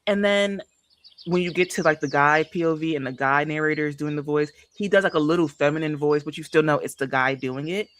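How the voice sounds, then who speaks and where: A casual livestream host talking about books, animated and emphatic. The speaker repeats lines to drive a point home and keeps turning to the audience. The pitch sits in a middle range. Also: fairly quick. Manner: emphatic, repeats phrases for effect; chatty and animated, addresses viewers directly. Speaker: book streamer.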